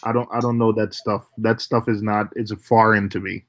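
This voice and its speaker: A man from Jamaica hosting a casual group chat, talking in an animated, baffled way with lots of laughter. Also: lowish voice, normal speed. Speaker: host.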